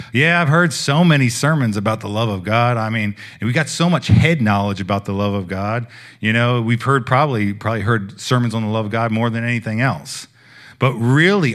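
A young man preaching, telling a personal faith story in a casual, heartfelt way that swings between hushed and loud. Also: mid-range voice. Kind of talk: sermon testimony.

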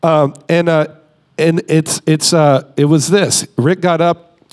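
A man's voice: fairly high pitch, steady tone, slow, a little mellow, clear, resonant tone. A man in his thirties, a guest speaker giving a conversational, emphatic sermon with his own voice.

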